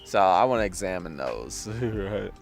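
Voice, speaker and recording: A discussion host with a low, gravelly voice leads a casual talk outdoors in the drizzle, animated at a measured pace. He trips over fillers, restarts sentences and laughs often between thoughts, with faint music under the recording.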